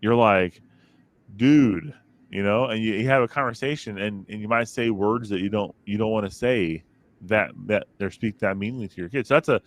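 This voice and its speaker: A man's voice: fairly low pitch, a little fast. A man in his thirties co-hosting a podcast from his home office, chatting casually and rambling through stories with acted-out quotes. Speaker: podcast co-host. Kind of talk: casual chat. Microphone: studio microphone.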